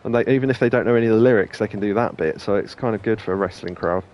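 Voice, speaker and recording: A man's voice: on the low side, rapid-fire, highs cut off. A man hosting a let's play, talking casually and rambling with plenty of ums and asides. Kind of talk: casual gameplay commentary.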